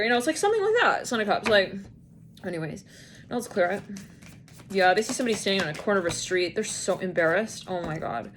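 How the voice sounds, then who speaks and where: Woman tarot reader, casual monologue, wanders off, acts out little scenes; mid pitch, faint noise behind. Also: animated, quick pace, a bit bright. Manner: rambling, acts out imagined scenes in quoted voices.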